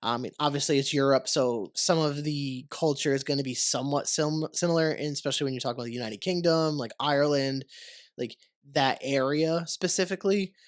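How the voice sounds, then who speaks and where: Talking fairly quickly in a voice on the high side, an American podcast host sounds congested from a cold. His chat is rambling and relaxed, with casual swearing. The recording is studio quality with no echo.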